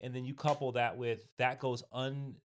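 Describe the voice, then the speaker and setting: A man co-hosting a podcast, talking in halting casual chat with many restarts. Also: mid-range voice, little pitch movement, a little hiss or hum. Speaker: podcast co-host.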